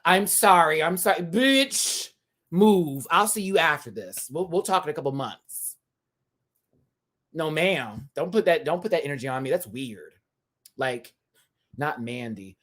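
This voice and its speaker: Young male host, live review rant, very animated delivery, lots of laughing asides. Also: measured pace, pauses often. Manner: animated, swinging from low mutters to loud squeals, laughing.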